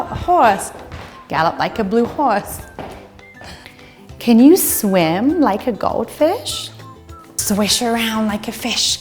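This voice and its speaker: A woman teaching young children at a virtual circle time, speaking slowly in a sing-song, encouraging way. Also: medium pitch. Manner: sing-song, slow and encouraging, talks to little kids. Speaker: preschool teacher.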